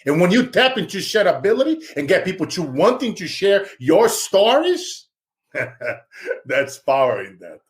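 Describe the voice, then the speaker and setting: Brief: male guest, Brazilian accent, first language Portuguese, fervent storyteller who calls the host bro, slightly higher voice. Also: very animated, unhurried. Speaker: guest, success speaker. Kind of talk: animated interview talk.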